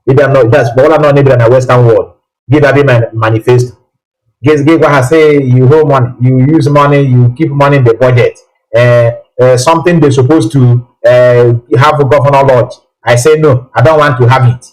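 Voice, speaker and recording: A man's voice: medium pitch, fairly even intonation, normal speed, darkish tone, rough recording. A man hosting a live political call-in broadcast, talking emphatically with repeated rhetorical questions.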